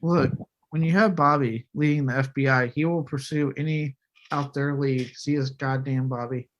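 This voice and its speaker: A man's voice: medium pitch, fairly even intonation, normal speed, slight background noise. A man co-hosting a casual movie review podcast, blunt and profane. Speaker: podcast co-host.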